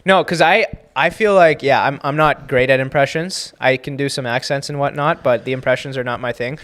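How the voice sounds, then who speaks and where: A man, a comedian, riffing casually on a podcast with quick quips and constant agreement. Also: mid-range voice, steady tone, fairly bright tone. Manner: frequent "yeah" backchannels, quick jokey quips. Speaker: comedian, co-host chat.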